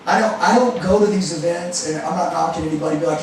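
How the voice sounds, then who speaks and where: A man's voice: on the high side, fast, few pauses, a little hiss or hum. A man giving a blunt, profane, fired-up motivational talk to a group at an indoor meetup. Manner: blunt and profane, rallying the room. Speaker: event host speaking to a group. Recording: echoey room, mic far off.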